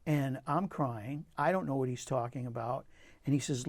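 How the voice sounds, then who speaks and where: Speaking a bit slowly in a mid-range, darkish voice with fairly level intonation, this older male poet recounts personal stories as a guest in a community TV studio. He's earnest and reflective, frequently starting over, and there's no room sound.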